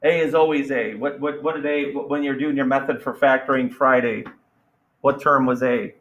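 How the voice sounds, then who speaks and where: A man teaching a math class, energetic and playful, firing questions at students. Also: medium pitch, normal speed, dull audio. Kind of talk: classroom lesson.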